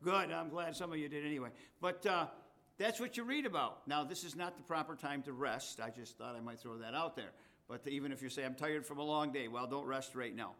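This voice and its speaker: A man preaching a sermon as pastor, reading scripture slowly and turning to chatty asides with his congregation. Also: on the high side, sharp tone.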